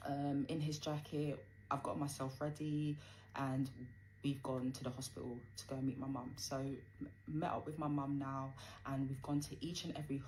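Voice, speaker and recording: Brief: woman, low voice, casual storytime delivery with "um"s and "like"s, faint hiss behind. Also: a little mellow, rough recording. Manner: conversational, frequent fillers, acts out quoted dialogue.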